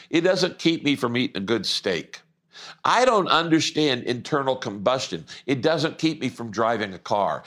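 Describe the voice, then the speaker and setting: A man preaching a sermon as a pastor, speaking earnestly and plainly, with repeated words and slowed phrases for emphasis. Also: mid-range voice, fairly bright tone.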